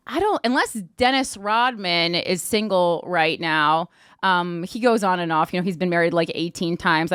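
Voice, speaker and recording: Wry rambling woman host with a slightly low voice. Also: fairly bright tone, no room sound, clean studio sound. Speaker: comedian host. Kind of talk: casual podcast chat.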